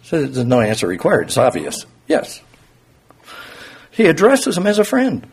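A male preacher with a husky, slightly breathy voice delivers a sermon in a relaxed, conversational way. His pitch moves lively and wide as he asks rhetorical questions and explains the text. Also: measured pace.

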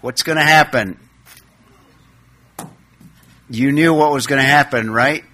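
A man preaching an expository sermon, teaching slowly and leaning hard on key words. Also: on the high side, pushed and bright. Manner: slow and deliberate.

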